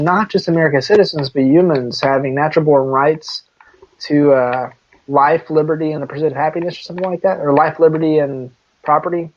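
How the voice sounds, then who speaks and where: A man's voice: a little high, slight background noise. A young man co-hosting a casual podcast chat, laughing often and breaking into mocking voices. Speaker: podcast co-host. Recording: dull lo-fi sound.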